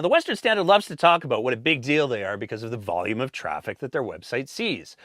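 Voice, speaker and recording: A man's voice: medium pitch, bright, forceful tone, no echo, studio quality. Sarcastic man reading political commentary. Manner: sarcastic, pointed. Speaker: host.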